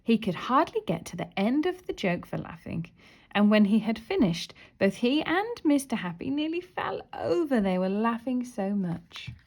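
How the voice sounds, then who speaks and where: A woman reading a children's storybook aloud, expressive with soft whispered asides. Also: on the high side, moderate pace. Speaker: story reader.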